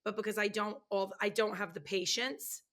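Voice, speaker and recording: A woman's voice: medium pitch, fairly even intonation, normal speed, fairly bright tone. A woman podcast host in casual interview chat, speaking candidly and frankly about herself.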